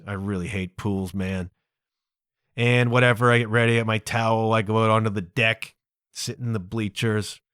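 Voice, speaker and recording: Male podcast host, 50s, exasperated, self-mocking storyteller, animated delivery, dry sound. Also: medium pitch, clear, resonant tone, no room sound. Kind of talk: comedic storytelling monologue.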